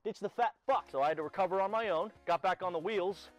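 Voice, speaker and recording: A man voicing a creepy, unhinged skater who lives behind a dumpster, switching between wheedling and shouted threats, in a comedy sketch. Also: high-pitched, fast talker, natural voice. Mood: rambling. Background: background music.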